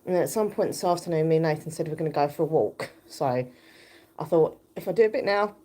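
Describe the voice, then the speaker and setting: Chatty woman streaming from her exercise bike, low and husky, croaky with sleep, rambling and laughing. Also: fast, dark tone. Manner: chatty, rambling, laughs often while pedaling. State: croaky, just woken up. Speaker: livestreamer. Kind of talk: casual livestream chat. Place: home, indoors, on an exercise bike. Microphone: phone held close.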